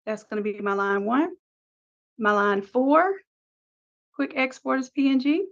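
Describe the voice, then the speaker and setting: A woman teaching a design software tutorial, upbeat, talking through each click step by step. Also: sits high, lively intonation, a little slow, muffled recording. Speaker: design instructor. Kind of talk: screen-recorded software tutorial.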